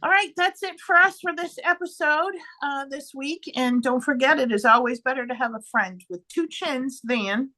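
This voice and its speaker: A woman co-hosts a chatty podcast with a bright, forward tone. She gets animated, often exclaims, and lets thoughts trail off as she reacts to her friend. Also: high-pitched, moderate pace, hardly any pauses. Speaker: podcast co-host. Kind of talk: casual chat.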